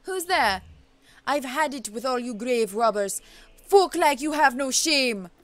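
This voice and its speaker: A woman voicing an eccentric older witch doctor who guards a grave, speaking loudly and sternly in an attempted Jamaican accent that slips toward Scottish. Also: sits high, expressive. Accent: attempted Jamaican, slipping toward Scottish. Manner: loud, gruff, drawn-out stern lines. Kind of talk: let's play voice reading.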